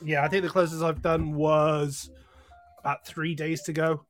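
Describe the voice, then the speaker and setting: A man's voice: on the high side, little pitch movement, unhurried, soft background music. A man guesting on a live chat show, joking and crude in easy banter. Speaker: guest streamer. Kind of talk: casual chat.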